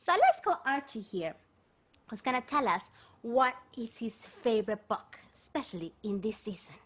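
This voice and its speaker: A woman's voice: a little high, very animated, normal speed, slightly rough. A woman hosting a bilingual children's show, playful and encouraging as she talks to the kids. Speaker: children's performer.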